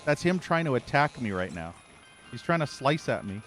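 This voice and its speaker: A man's voice: medium pitch, sing-song, normal speed, a bit bright. A male gaming streamer with a mid-range voice talks over faint game music, swearing and ranting about the game. His commentary is frustrated and profane, broken up by exasperated sighs.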